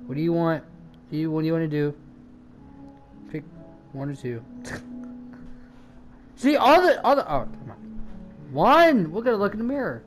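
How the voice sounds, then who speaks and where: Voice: mid-range voice, sing-song, normal speed, pauses often, a little mellow, soft background music. A gaming streamer giving casual commentary, sarcastic, laughing often and swearing.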